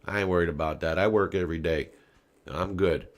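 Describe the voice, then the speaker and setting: A man with a fairly low voice hosts a political talk podcast, swinging between low, muttered remarks and loud, heated outbursts. He swears freely and talks to his audience in a casual, folksy way. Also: a little fast. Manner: casual and folksy, speaks straight to viewers. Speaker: podcast host.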